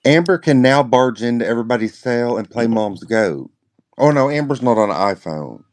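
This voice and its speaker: A man co-hosts in casual banter, dropping playful, teasing remarks. His pitch swings widely and animatedly from line to line. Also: expressive, brisk.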